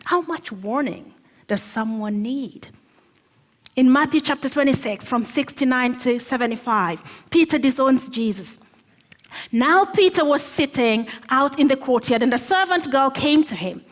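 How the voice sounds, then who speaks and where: A woman preaching a sermon in a church hall, earnest and measured, slowing down on the phrases she wants to stress. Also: high voice, expressive. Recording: long reverb of a hall.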